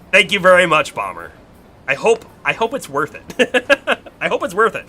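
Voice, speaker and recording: Brief: male streamer, bright and animated, chatty, often second-guesses himself. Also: high-pitched, measured pace, breathy edge. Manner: rambling, self-correcting, laughs often. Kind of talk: casual gameplay commentary.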